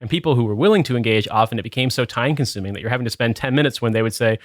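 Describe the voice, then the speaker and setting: A man's voice: mid-range voice, very fast, dry recording, studio quality. A man hosting a podcast chat, reading a news article aloud with sardonic asides and swearing. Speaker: podcast host.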